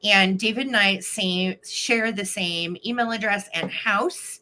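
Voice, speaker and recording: A woman's voice: mid-range voice, measured pace, pushed and bright. A woman hosting a live vintage sale stream from home, chatting casually in a bubbly, giggly way.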